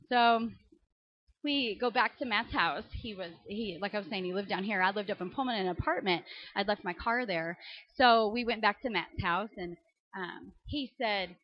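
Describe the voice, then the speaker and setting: A woman from Indiana in her thirties, telling a comic story with animated delivery, laughing often and squealing high when surprised. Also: moderate pace, no echo, dull audio. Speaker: comedian. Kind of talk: comedic storytelling to a church audience.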